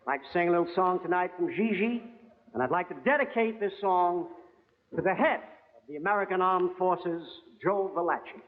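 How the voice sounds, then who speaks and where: A man's voice: high voice, moderate pace. A man performing a punchy, wisecracking stand-up monologue as a guest comedian on a variety show. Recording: lo-fi 1960s TV broadcast in a hall. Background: studio audience laughter and band.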